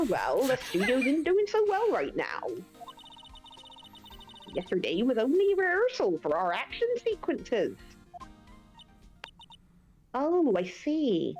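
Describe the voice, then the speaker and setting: A woman's voice: fairly high pitch, a little mellow, full character voice. A woman voicing a chatty young female studio assistant in a video game, reading the lines loosely and jokily.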